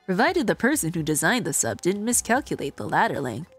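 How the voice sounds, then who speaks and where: A woman's voice: on the low side, sing-song, fairly quick, soft background music. A woman reading aloud for a determined young woman from a game, earnest and matter-of-fact.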